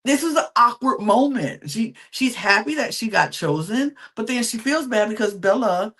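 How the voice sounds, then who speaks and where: A woman hosts a podcast at a moderate pace, her voice a little high, chatting through a reality-show recap in a casual, emphatic way. She's animated, acts out contestants' quotes in little voices, and repeats words for effect.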